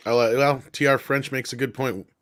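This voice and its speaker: A man's voice: mid-range voice, steady tone, moderate pace, fairly bright tone. A man co-hosting a casual live stream, joking and chuckling between his remarks. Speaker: co-host of an online entertainment news show.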